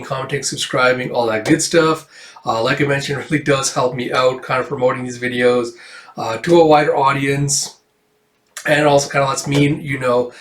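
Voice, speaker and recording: A man casually hosting a manga read-through, rambling with many fillers and the odd swear. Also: medium pitch. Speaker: host. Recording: echoey room.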